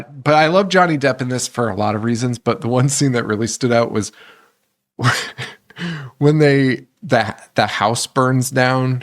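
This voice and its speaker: A man co-hosting a horror movie podcast, talking casually, swearing a lot, laughing often and acting out lines from films. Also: mid-range voice. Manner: profane, laughing, acts out movie lines in put-on voices. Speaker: podcast co-host.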